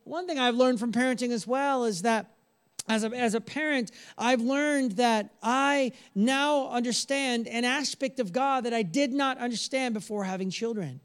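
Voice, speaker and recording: High-pitched guy in his 30s giving a sermon, jokey and lively, goes soft and earnest sometimes. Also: normal speed, smooth. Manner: animated, joking, with sudden soft earnest passages. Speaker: pastor.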